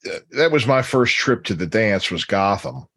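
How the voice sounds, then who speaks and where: Male host, low voice, dry close sound, hesitant with fillers. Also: animated, normal speed, a bit bright, slightly rough, dry recording. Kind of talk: casual chat.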